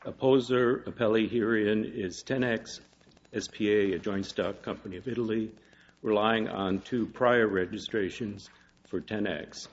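A man's voice: on the low side, steady tone. Formal lawyer man arguing in court. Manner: formal and measured, with hesitant fillers. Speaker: appellate attorney. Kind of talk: courtroom oral argument. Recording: dull lo-fi courtroom audio.

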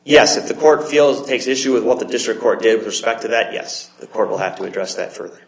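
Lawyer guy arguing his case, lowish voice, stops and repeats himself a lot, roomy echo. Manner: measured, halting, repeats words while arguing. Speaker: appellate attorney. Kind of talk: courtroom oral argument. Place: courtroom.

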